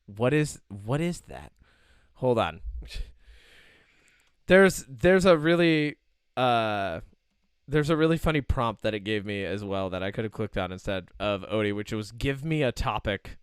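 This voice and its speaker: A man hosting a casual podcast over a video call, excitable and quick to laugh. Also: on the low side, smooth, no room sound, clean studio sound. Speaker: podcast host.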